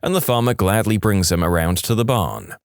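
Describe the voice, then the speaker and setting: A man's voice: on the low side, a little fast, clean tone, dry recording, clean studio sound. A man reading a string of jokes aloud as a storyteller, voicing the characters as he goes. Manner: lively, voices the characters. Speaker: joke storyteller.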